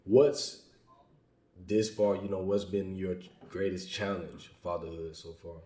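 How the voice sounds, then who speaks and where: Laid-back man with a dark, echoey sound. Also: deep voice, measured pace. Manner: laid-back, affirming, lively bursts of emphasis. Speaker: podcast host. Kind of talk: casual interview chat.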